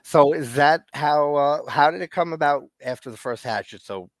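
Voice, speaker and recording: A man's voice: a little high, moderate pace, no room sound. A man hosting a live-stream interview, asking long, rambling questions like an eager fan. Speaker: host.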